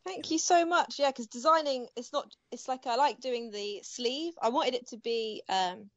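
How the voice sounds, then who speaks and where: A woman's voice: on the high side, normal speed, no echo. A young woman, an embroidery artist, chatting as an interview guest, laughing often and talking with plenty of fillers and restarts. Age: young adult. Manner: warm, giggly, many fillers and restarts. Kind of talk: casual interview chat. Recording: dull dry home-mic sound.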